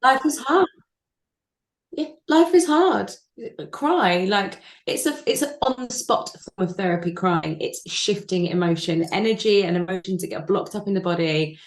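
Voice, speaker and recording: A woman's voice: mid-range voice, lively intonation, moderate pace, roomy sound. A woman, an interview guest, speaking openly and emotionally about personal loss over a video call. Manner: open, emotional, candid storytelling.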